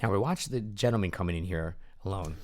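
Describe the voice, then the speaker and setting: A man coaching a choir on singing, talking quietly at home at night and losing his voice a little. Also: sits low, fast talker. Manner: quiet, hushed speech to avoid waking kids. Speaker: vocal coach. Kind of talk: casual coaching talk over recordings.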